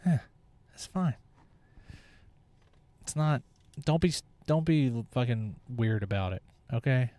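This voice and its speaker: A man's voice: medium pitch, expressive, takes it slowly, pauses often, mellow, no echo. Blunt, cursing young man ranting. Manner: blunt, opinionated, swears freely. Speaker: podcast host. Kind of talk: casual monologue.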